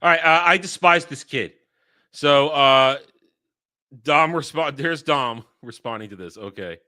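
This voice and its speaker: A man's voice: a little high, a little slow, sharp tone. A man hosting a video reaction, ranting in profane, mock-outraged bursts. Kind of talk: reaction commentary.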